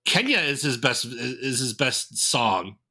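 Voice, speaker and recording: A man in casual podcast chat, emphatic and opinionated, tripping over restarts. His mid-pitched voice is very bright and sharp. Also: animated, unhurried, breathy edge. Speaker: podcast co-host.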